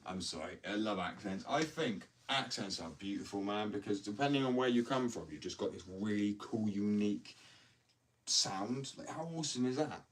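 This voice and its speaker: A man chatting casually on a live stream from his workshop, rambling, excitable and quick to laugh at himself. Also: fairly low pitch. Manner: rambling, excitable, self-mocking. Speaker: skateboard maker live-streaming to chat. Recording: distant mic, faint noise.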